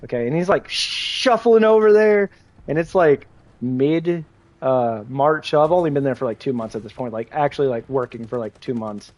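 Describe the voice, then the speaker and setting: A man's voice: mid-range voice, a little fast, darkish tone, dry recording. A young man livestreaming a game, rambling through a casual story with lots of fillers and restarts. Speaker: gaming livestreamer.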